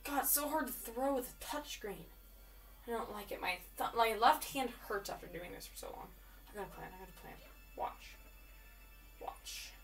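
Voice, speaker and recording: A woman giving live commentary while she plays a game, chatty and excitable, often repeating words in quick bursts. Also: fairly high pitch, far from the mic, faint music behind. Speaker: gamer.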